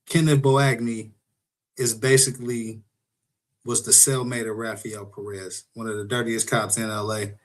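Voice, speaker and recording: A man's voice: on the low side, moderate pace, low-quality recording. A man hosting a podcast, recapping casually and speaking straight to his viewers. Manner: relaxed, talks straight to the audience. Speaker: podcast host.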